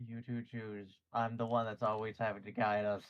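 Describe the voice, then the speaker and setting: A woman's voice: extremely low pitch, level tone, normal speed, muffled recording. A woman player in a tabletop game, talking bluntly and impatiently, swearing now and then. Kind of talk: tabletop role-play chat.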